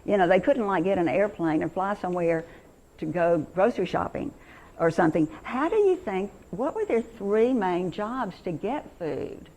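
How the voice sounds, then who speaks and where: A woman's voice: medium pitch, animated, moderate pace, a little mellow, slight background noise, rough recording. A woman in her sixties giving a chatty, encouraging workshop talk on reading to teachers and parents, with many restarts.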